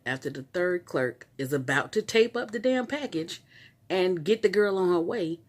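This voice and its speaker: An adult vlogger telling a story-time rant in a casual, animated and exasperated way, often restarting sentences. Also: mid-range voice, moderate pace.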